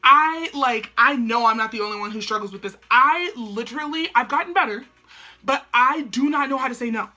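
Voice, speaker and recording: A woman's voice: a little high, fairly quick, pushed and bright, faint music behind. A young woman chatting casually to camera at home as she does her makeup, slangy and full of "like". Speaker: beauty vlogger.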